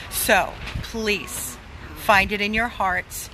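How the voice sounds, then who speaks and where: A woman's voice: medium pitch, a little slow, background noise. A woman who runs an animal rescue, pleading for donations, emphatic and repeating words for stress. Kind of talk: pleading fundraising appeal.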